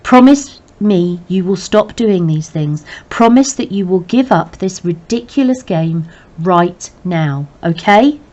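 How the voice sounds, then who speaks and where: A woman's voice: lowish voice, normal speed, a little mellow, natural voice. A woman reading aloud and voicing a stern, exasperated middle-aged father who scolds in clipped lines. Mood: insistent. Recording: dull lo-fi recording.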